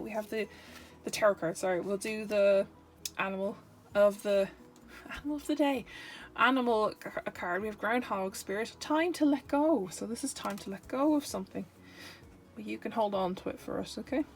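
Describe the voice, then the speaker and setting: A woman's voice: mid-range voice, normal speed. A woman giving a casual, chatty tarot reading to camera, playful and rambling, often correcting herself mid-sentence. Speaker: tarot reader.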